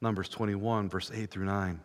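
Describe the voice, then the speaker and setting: A man preaching a sermon in a church, fervent, swelling from hushed passages to ringing declarations. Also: on the low side, fairly even intonation, moderate pace. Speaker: pastor. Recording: long reverb of a large church hall.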